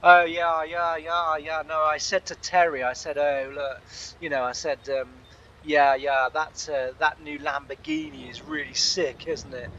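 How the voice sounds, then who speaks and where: A man's voice: fairly high pitch, little pitch movement, unhurried, bright, forceful tone, lo-fi sound, a little hiss or hum. A man putting on posh, pompous middle-class English men who fake youth slang in a mocking tone.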